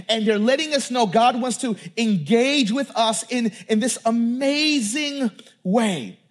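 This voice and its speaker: A man with a strikingly high voice delivers a sermon. He talks to the congregation in a loose, emphatic way and often repeats his words as he builds a point. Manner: addresses the congregation directly. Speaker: pastor.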